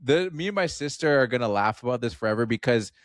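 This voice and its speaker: A man's voice: mid-range voice, animated, quick pace, no room sound, studio quality. A man co-hosting a podcast, talking about a film in a loose, chatty way, full of filler words. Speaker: podcast co-host. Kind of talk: casual film review chat.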